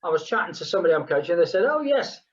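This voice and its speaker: A woman's voice: deep voice, racing, muffled recording. A woman leading a group exercise class, chatting between count-downs and humming playful sounds. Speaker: fitness instructor.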